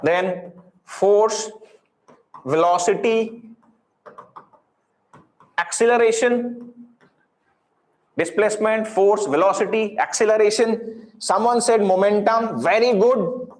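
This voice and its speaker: A man's voice: sits high, slow, pauses often. A man with an Indian English accent teaching physics in a live online class, encouraging and full of repeated praise, dropping into Hindi. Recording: roomy echo.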